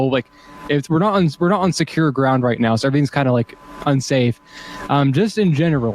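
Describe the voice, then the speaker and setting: A man co-hosting a livestream, speaking in a measured, hedging way in casual chat. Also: medium pitch, darkish tone. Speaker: livestream co-host.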